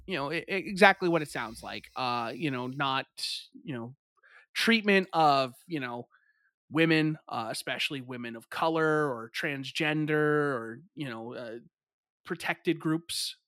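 A man's voice: medium pitch, a little slow, fairly bright tone, no echo, studio quality. A man co-hosting a podcast in casual chat, telling stories animatedly, swearing and laughing often. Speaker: podcast co-host.

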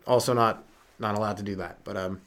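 Sleep-deprived, this comedian riffs alone on his podcast in a lowish, somewhat bright voice with a steady tone and a brisk pace. His rambling is full of fillers, and his voice jumps abruptly now and then.

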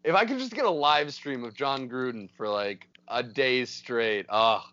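A man co-hosting a podcast in casual chat, excitable and swearing, rambling with hype, recorded remotely over a call. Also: mid-range voice, a little slow, highs cut off, noisy background. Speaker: podcast co-host. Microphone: remote call mic.

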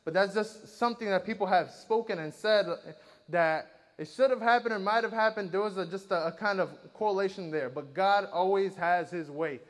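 High-voiced man preaching in a reverberant hall. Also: normal speed. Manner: earnest, conversational retelling with filler words. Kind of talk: sermon.

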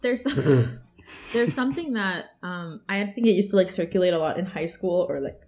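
A young woman in her twenties hosts a relaxed podcast chat with friends. She is chatty and animated and fills her talk with casual fillers. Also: fairly low pitch, moderate pace. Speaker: podcast host.

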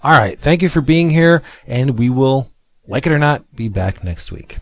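Lively-voiced man wrapping up a podcast. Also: medium pitch, moderate pace, dry recording. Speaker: podcast host. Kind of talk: casual chat.

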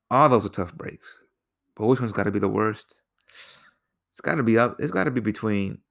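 Man, low-pitched, casual film review, rambling, filler-heavy, slangy. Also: gravelly, fairly bright tone. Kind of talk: casual spoken movie review.

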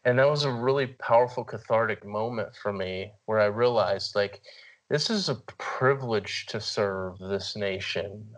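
A man's voice: fairly low pitch, measured pace, rough recording. A man in his thirties, an army veteran, telling his story earnestly in a casual interview, with many "you know" fillers. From United States. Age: 30s. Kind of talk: conversational storytelling.

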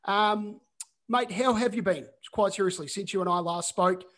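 A man's voice: sits high, normal speed, fairly bright tone. A man hosting a casual video-call podcast, chatty and full of fillers. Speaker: podcast host.

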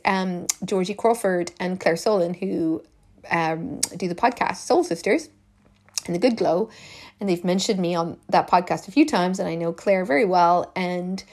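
A woman, a life coach, talking through a podcast monologue in an earnest, encouraging way, often repeating phrases for emphasis. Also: mid-range voice.

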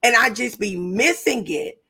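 A woman's voice: fairly high pitch, a little slow, bright, forceful tone, breathy edge. A woman hosting a podcast, chatting casually and affirming her guest. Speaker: podcast host. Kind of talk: casual chat.

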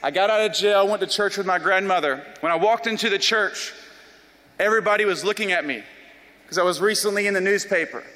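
A young man from South Carolina, telling his life story as an animated, self-deprecating testimony. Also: sits high, a little fast. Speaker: speaker giving a personal testimony. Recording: long reverb of a large hall.

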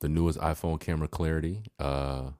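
Very deep-voiced laid-back man. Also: fairly even intonation, brisk, mellow, no echo, studio quality. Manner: laid-back, teasing, fills with "uh" and "you know". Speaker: podcast co-host. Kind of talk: casual chat.

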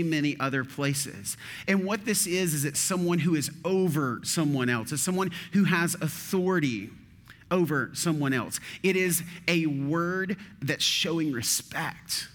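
A pastor with a fairly high male voice preaches a sermon in a conversational way. He reads scripture aloud and keeps asking the room questions. Now and then he slips in dry sarcasm. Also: fairly bright tone, in a large hall. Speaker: teaching pastor.

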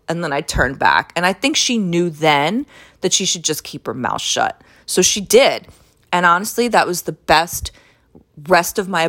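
A woman telling a story to her listeners in a casual, animated and exasperated way, swearing now and then and leaping into high exclamations. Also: unhurried.

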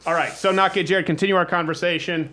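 A man's voice: sits high, steady tone, quick pace, bright, forceful tone. A man hosting a casual studio show, joking and rambling with frequent restarts. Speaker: host.

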